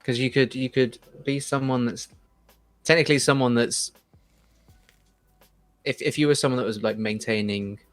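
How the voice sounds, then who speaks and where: A man on a game panel, quick and joking as he suggests questions to his teammates. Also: mid-range voice, fairly even intonation, faint music behind. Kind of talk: casual game-show banter.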